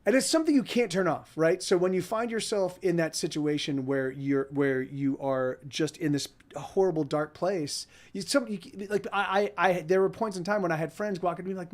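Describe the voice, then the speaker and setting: A man hosting a live music stream, chatting casually between songs in a rambling, halting way with many repeated words. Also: sits high, expressive. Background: guitar playing.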